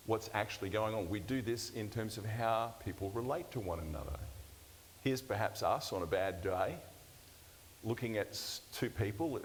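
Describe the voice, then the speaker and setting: An older man, a pastor teaching a seminar session in a conversational, self-deprecating way with light humour. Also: fairly low pitch. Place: church hall. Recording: long church-hall reverb, faint hiss.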